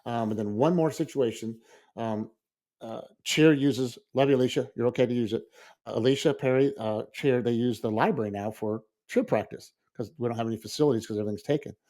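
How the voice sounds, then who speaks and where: In a relaxed podcast chat, a man who works as a school librarian tells a spirited story, acting out his reactions. His voice is medium-pitched and brisk.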